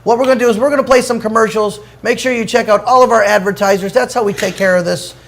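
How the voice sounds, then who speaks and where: A middle-aged man with a high voice hosts a relaxed talk show. He rambles through long stories, chuckling as he goes. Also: fast, vocal fry, a little hiss or hum. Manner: rambling storyteller, chuckles between lines. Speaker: show host. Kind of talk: casual chat.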